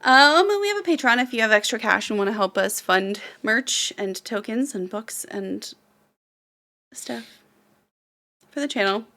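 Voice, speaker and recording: A woman's voice: fairly high pitch, animated, unhurried, pauses often, sharp tone. A tired woman, the game master, signing off a late-night tabletop stream in a rambling, laughing way. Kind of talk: casual stream sign-off.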